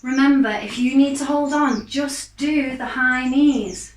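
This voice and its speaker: A woman, a fitness instructor, calmly guiding a gentle exercise class with steady, encouraging cues. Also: high-pitched. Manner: calm, encouraging, unhurried cues. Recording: echoey room, mic far off.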